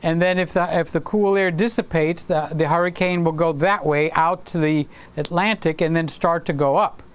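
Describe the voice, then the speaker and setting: A man's voice: fairly high pitch, fairly even intonation, moderate pace, smooth. A man in his late sixties hosting a casual live stream, rambling and stopping to greet viewers by name. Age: 60s.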